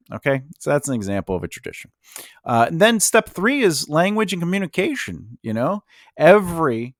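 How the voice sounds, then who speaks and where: This is a writing coach hosting a laid-back teaching monologue, a New York man from Long Island and Brooklyn whose accent comes through clearly. He talks in a conversational, rambling way packed with fillers, in a mid-range voice. The audio is clean studio quality without any room sound.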